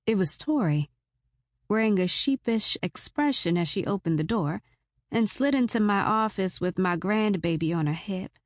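A woman's voice: medium pitch, animated, moderate pace, dry recording, studio quality. A woman in her forties narrating a first-person story in a frank, wry and casually profane way. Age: 40s. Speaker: audiobook narrator.

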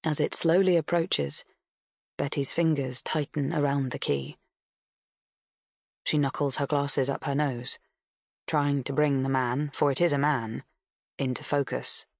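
A woman narrating an audiobook in a measured, even storytelling manner. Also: low-pitched, no room sound, studio quality.

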